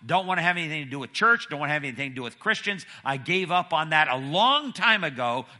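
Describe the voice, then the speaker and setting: A man preacher voicing a stubborn elderly grandmother who flatly refuses to go to church, loud and insistent. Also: fairly low pitch, normal speed. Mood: dismissive.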